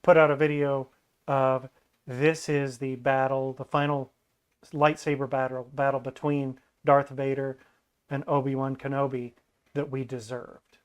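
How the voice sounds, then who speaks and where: A man as a podcast guest in casual chat, animated and acting out quoted lines in mocking voices. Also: mid-range voice, unhurried, smooth.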